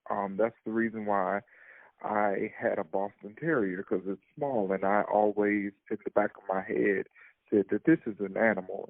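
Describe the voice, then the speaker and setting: A man on a talk show panel giving measured, thoughtful opinions. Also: fairly low pitch, vocal fry, no echo. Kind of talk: casual talk show chat. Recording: tinny phone-like line.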